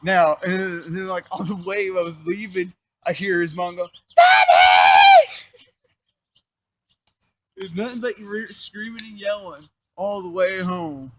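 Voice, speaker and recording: A man's voice: high voice, moderate pace, hardly any pauses, noisy background. A young man telling a crude life story in a casual, rambling, profane way, full of fillers.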